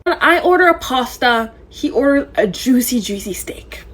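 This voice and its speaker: High, animated storytelling woman. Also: measured pace. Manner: dramatic, exasperated retelling. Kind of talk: storytime vlog.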